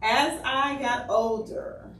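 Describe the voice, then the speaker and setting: Slow-talking woman in a roomy room. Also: fairly high pitch, steady tone, fairly bright tone, a little hiss or hum. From Chicago. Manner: laughs often, drawn-out and offhand. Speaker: podcast co-host. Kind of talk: casual comedic chat. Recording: roomy sound, mic at a distance.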